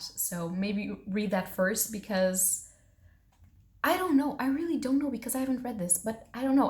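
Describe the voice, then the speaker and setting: A woman who hosts a book channel, chatting fast and bubbly with self-mocking asides as she shows off her monthly book haul, at home in pajamas. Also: medium pitch. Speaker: book vlogger. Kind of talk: casual book haul chat.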